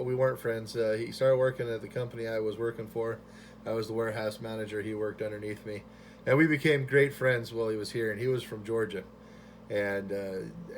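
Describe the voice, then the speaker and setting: A man chatting on ham radio from his home station into a boom mic, relaxed and friendly with lots of fillers. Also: a little hiss or hum. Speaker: amateur radio operator. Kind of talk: ham radio contact chat.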